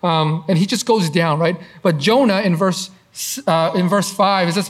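A man's voice: high-pitched, measured pace, few pauses. A man preaching and teaching through a Bible passage in a conversational way, with frequent fillers and tag questions like "right?".

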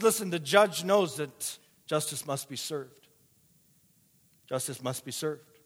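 Preacher with a booming hall echo. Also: male voice, moderate pace. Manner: dramatic storytelling, swinging from hushed to shouted. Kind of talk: sermon. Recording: long reverb of a large hall.

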